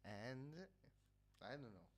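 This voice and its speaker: This man's mid-range voice is animated but slow. Chatting casually on a livestream via headset, he speaks English with an Italian accent, being from Italy, and comes across nasal and hesitant, regularly pausing to hunt for words.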